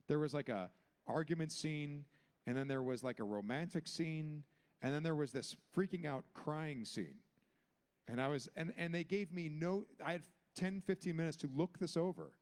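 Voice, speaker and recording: Storyteller, man, 40s, lively pitch, slightly high, acts out all the voices. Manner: acts out every character with big pitch jumps. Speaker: guest actor on a convention panel. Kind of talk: animated anecdote telling. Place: convention panel stage.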